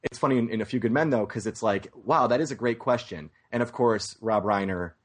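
A man co-hosting a casual movie podcast, rambling with filler words, swearing, and breaking into animated voice imitations. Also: on the low side, a little fast. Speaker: podcast co-host. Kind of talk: casual film chat.

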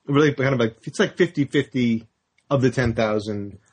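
A man's voice: mid-range voice, normal speed, breathy edge. A man co-hosting a casual podcast who tosses in dry, wisecracking asides. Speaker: podcast co-host.

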